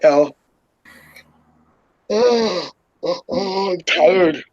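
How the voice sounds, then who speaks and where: A woman's voice: lowish voice, lively intonation, extremely slow, a little mellow, dry recording, highs cut off. A woman hosting a casual livestream chat, tipsy from wine, rambling and laughing often. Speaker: livestream host.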